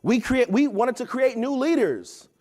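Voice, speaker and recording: At a company event, a man in his thirties delivers an energetic, preachy motivational talk, often tossing in "right?" His voice is extremely high-pitched, and he speaks a little slowly.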